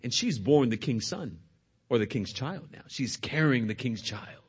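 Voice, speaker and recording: A man's voice: mid-range voice, expressive, moderate pace, breathy edge. A male pastor preaching a sermon, retelling scripture expressively.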